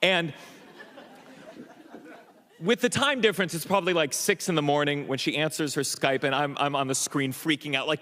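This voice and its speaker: Stand-up comedian, man with a higher voice, nervy self-mocking storytelling, stage reverb. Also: moderate pace, pauses often, a faint crowd. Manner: excitable, self-mocking, stammered restarts.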